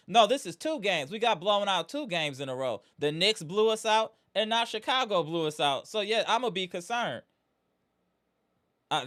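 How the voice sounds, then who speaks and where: A man's voice: high voice, a bit bright. A man hosting a live sports fan stream, greeting viewers by name and venting about his team's loss. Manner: hype, greets chat by name, frustrated. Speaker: livestream host.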